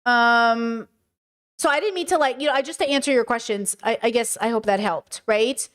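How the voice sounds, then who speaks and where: Woman, high voice, livestream host, casual commentary, emphatic, rhetorical questions, loose fillers. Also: moderate pace. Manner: animated, emphatic, reads and answers chat. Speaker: streamer and podcast host.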